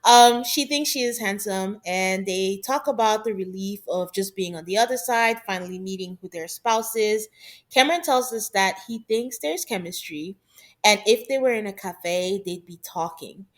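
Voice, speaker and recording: A woman's voice: mid-range voice, normal speed. A woman co-hosting a podcast, chatting casually through a reality-show recap and laughing often. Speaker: podcast co-host.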